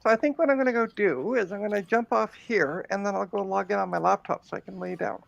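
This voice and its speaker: A woman with a gravelly, fry-edged voice hosts her own stream. She talks casually and wryly with guests on a call. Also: medium pitch, quick pace, no room sound, highs cut off. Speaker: streamer and host. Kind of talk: casual chat.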